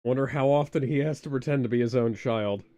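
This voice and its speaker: A man's voice: medium pitch, a little fast, mellow, lo-fi sound. A man co-hosting a casual watch-along, riffing with crude jokes and asides. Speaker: co-host.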